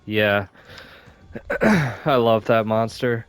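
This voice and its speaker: A man chatting casually while gaming, rambling with lots of fillers and restarts, coughing and clearing his throat now and then. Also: lowish voice, flat delivery, extremely slow, dry recording. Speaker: gaming channel host.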